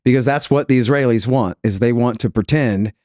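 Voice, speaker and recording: Animated American man telling stories. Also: medium pitch, fairly quick, dry recording. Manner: animated storyteller, acts out quoted voices. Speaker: guest. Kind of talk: conversational interview.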